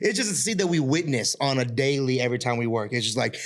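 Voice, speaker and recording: Fast-talking man hosting a casual chat. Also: medium pitch. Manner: loose, slangy, frequent "like" fillers. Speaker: podcast host and security guard.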